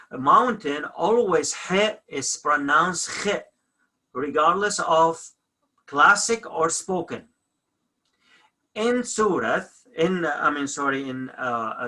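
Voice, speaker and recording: A man's voice: mid-range voice, pushed and bright. A man teaching a language lesson, repeating each example word and often correcting himself.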